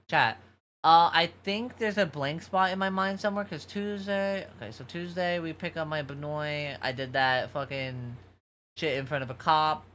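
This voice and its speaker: A man with a soft, feminine-sounding voice and a New York accent, telling rambling, profane stories to his livestream chat. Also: fairly high pitch. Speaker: VTuber streamer.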